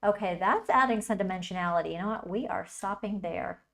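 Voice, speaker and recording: A woman's voice: medium pitch, a little fast, fairly bright tone. A woman hosting a casual livestream tutorial, chatting and thinking aloud as she works. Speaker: tutorial host.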